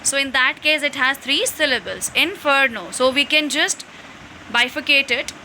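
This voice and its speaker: A woman's voice: high-pitched, moderate pace, pushed and bright, a little hiss or hum, low-quality recording. A woman explaining a lesson from slides, step by step with restarts. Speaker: English teacher.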